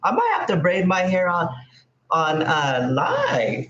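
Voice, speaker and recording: A man's voice: high-pitched, wildly swooping pitch, slow, fairly bright tone, a little hiss or hum. A man hosting a casual home livestream, rambling to his viewers. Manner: rambling, chatty, talks to his pets and viewers. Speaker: livestream host. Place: home room. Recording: dull echoey room audio.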